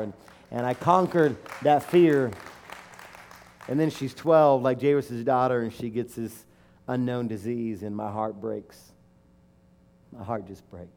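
Emotional male preacher, mellow voice. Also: medium pitch, slight background noise. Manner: emotional, emphatic, rising to fervent declarations. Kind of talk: sermon with personal story.

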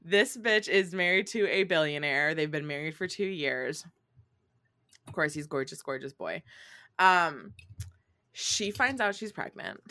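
Animated, bright-voiced woman chatting. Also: low-pitched, measured pace. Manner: animated, laughing storyteller with lots of fillers. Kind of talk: casual chat.

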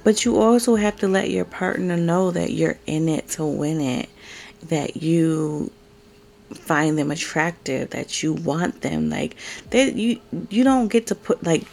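Low, gravelly woman recapping a show. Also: animated, unhurried, a little mellow. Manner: chatty and opinionated, lots of "like" and "bruh", rising emphatic outbursts. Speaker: reality TV recap host. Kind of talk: casual recap commentary.

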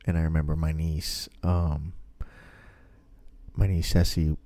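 Casual co-host, deep voice, dry room, loose storyteller who swears. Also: male voice, little pitch movement, measured pace, dark tone, no echo. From family from Mexico. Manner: rambling storyteller, swears freely. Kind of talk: casual chat.

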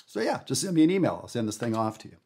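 A man hosting a jazz podcast, teaching in a casual, animated, emphatic way with everyday fillers. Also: medium pitch, very fast, vocal fry. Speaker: jazz educator and podcast host.

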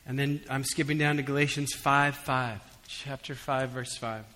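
Bright-voiced male preacher in a reverberant hall. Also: mid-range voice, fairly even intonation, moderate pace. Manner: conversational preaching with humorous asides; swings between soft and emphatic. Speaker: pastor. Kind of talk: sermon.

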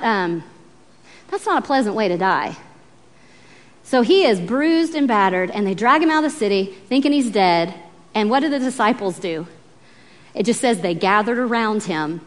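High-voiced woman preaching in a hall. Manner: animated storytelling, acts out the people in the story. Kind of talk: sermon.

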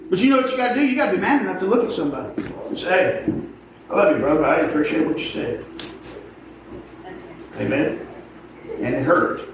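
A man with a high voice preaches a folksy, emphatic sermon, pausing for amens. He is recorded from far off in a very echoey church, with steady noise under his words. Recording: echoey hall from far off, noisy.

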